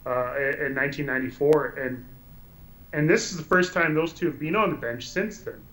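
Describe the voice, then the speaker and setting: A man telling stories as a guest in a casual chat, animated and full of restarts. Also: fairly high pitch, a little fast, poor audio. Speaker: guest documentary filmmaker. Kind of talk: casual storytelling in a podcast chat.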